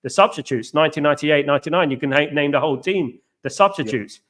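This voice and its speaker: Exasperated host, slightly high voice. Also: male voice, fast talker, a bit bright. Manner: exasperated, talks to live chat. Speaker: watchalong host. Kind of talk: casual live football chat.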